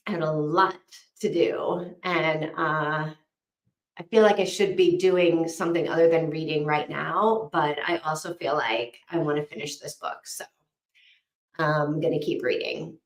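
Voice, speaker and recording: A woman's voice: sits low, fairly even intonation, measured pace, echoey room. A woman hosting a reading sprint, chatting casually and rambling with lots of fillers while she reads out comments. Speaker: host of a reading sprint stream.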